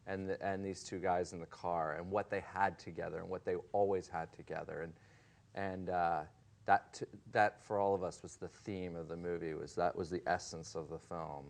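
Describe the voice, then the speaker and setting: A man, a film producer on a panel, giving measured Q&A remarks with a few restarts. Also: sits low, level tone, vocal fry.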